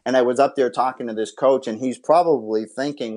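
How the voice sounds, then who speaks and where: A man's voice: medium pitch, fairly even intonation, a little fast, a little mellow. A man from Massachusetts, a podcast guest, telling his life story in an earnest, heartfelt way. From Massachusetts, USA. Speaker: interview guest, former pitcher and scout. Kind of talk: personal storytelling in a podcast interview.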